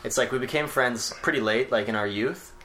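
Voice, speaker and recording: A man's voice: medium pitch, brisk, a bit bright. A young man in a casual chat with friends, rambling through explanations with lots of filler words.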